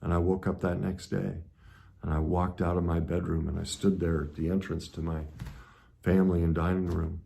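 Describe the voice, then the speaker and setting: A middle-aged man speaking as a self-help coach in an earnest, emphatic monologue that swings between intense and soft. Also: deep voice, little pitch movement, moderate pace, vocal fry. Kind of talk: motivational monologue.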